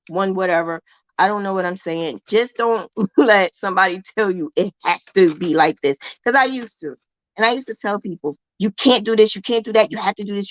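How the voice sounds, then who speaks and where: A woman's voice: fairly low pitch, dry recording, muffled recording. A woman hosting a casual crochet livestream lesson, chatty, emphatic and self-assured, repeating points for emphasis in colloquial speech. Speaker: crochet teacher and livestream host.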